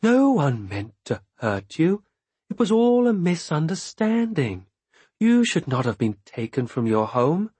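A man's voice: fairly high pitch, sing-song, measured pace, dark tone, breathy edge, dry recording, voice pushed up, exaggerated voice. A man reading an audiobook, voicing a coaxing female jailer who whispers breathily to lure a child. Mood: sweetly insistent.

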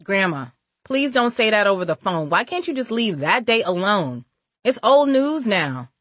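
A woman's voice: medium pitch, big pitch swings, moderate pace, fairly bright tone, dry recording, pitched above the performer's own voice. A woman playing a troubled defensive young woman.

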